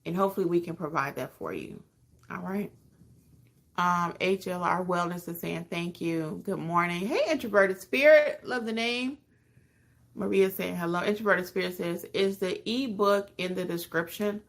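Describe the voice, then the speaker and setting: A woman hosting a live stream, reading out viewer comments and answering them in a warm, chatty, emotional way with sudden excited jumps in pitch. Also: normal speed, gravelly. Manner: calls listeners honey and hon. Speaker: podcast host.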